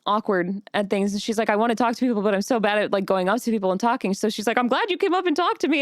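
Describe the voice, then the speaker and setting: A woman's voice: medium pitch, lively intonation, very fast, hardly any pauses, no echo, studio quality. A woman streaming live, chatting casually and bubbly, greeting her chat by name with a giggly manner. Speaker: vtuber streamer.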